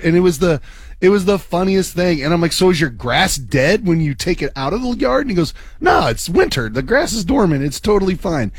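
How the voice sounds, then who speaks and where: A man co-hosting a local morning radio show, telling a funny story in an excitable way and laughing as he goes. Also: on the high side, a little fast, breathy edge, dry recording. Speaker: radio co-host. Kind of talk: animated storytelling on air.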